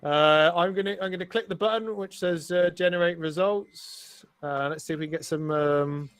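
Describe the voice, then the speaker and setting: A man giving casual, excitable live race commentary, sweary and rambling with fillers. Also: fairly high pitch, normal speed, smooth.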